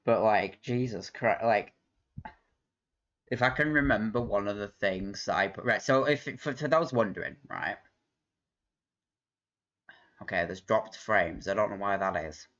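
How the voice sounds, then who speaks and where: Guy chatting on his stream, lowish voice, rambly and sweary, kinda dull lo-fi audio. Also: unhurried, long pauses, a bit bright. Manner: rambling, laughs a lot, swears casually. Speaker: livestream host. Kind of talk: casual live-stream chat.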